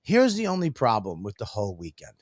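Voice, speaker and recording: A man's voice: fairly low pitch, wildly swooping pitch, a little fast, no room sound. A man co-hosting a podcast, telling rambling stories full of swearing and laughter in casual banter. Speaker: podcast co-host, comedian.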